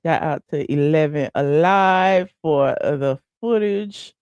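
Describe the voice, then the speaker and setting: A woman's voice: low-pitched, takes it slowly, a little mellow, smooth, no echo, highs cut off. A woman hosting a casual reaction commentary, chatting straight to her viewers. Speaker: commentary host.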